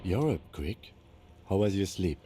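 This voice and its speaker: A reserved police lieutenant from a game speaks quietly and politely. His voice is low and a little husky. Every line comes out calm and measured. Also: exaggerated voice.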